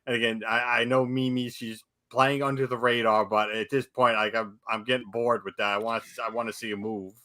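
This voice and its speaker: A man's voice: mid-range voice, little pitch movement, a little fast, hardly any pauses, bright, forceful tone. A man co-hosting a podcast in casual chat, talking hesitantly with restarts. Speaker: podcast co-host.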